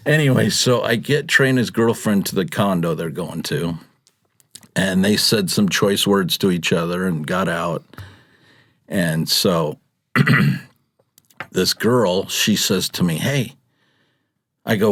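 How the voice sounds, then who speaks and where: A man's voice: low-pitched, slow pace, pauses often, a bit bright, dry recording, clean studio sound. A middle-aged man telling a rideshare story in casual chat, acting out passengers' lines as he goes. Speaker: podcast guest, rideshare driver.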